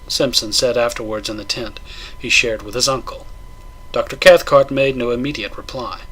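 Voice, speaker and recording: A man doing a measured, dramatic audiobook-style reading of a horror tale. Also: mid-range voice, bright, forceful tone, breathy edge. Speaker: narrator.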